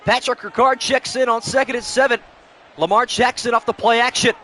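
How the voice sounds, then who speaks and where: A man's voice: very high-pitched, steady tone, a little fast, pushed and bright, slight background noise. A young man calling play-by-play on a live stream, switching between announcer-style calls and casual chat with viewers, short on sleep.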